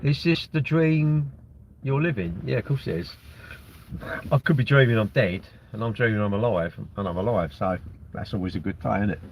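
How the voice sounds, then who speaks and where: A man's voice: on the low side, fairly quick, muffled recording, a little hiss or hum. A man, chatting casually on a live stream from his car and answering viewer comments in a rambling way. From Britain. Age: 60s. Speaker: livestream host. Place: inside a parked car. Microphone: phone propped at the windscreen.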